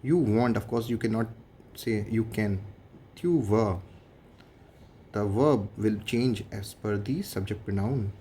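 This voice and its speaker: A man's voice: lowish voice, slow pace, long pauses, warm tone, slight background noise. A man with an Indian English accent, a French teacher explaining grammar methodically and translating each example line by line.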